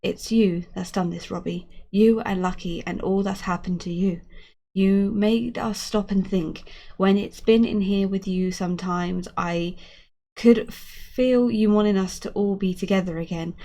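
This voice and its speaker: A woman voicing a gentle father who speaks softly and pleadingly to his unconscious son, in a storybook reading. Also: mid-range voice, fairly even intonation, measured pace, close to an everyday voice. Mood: tender. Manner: soft, pleading, tender.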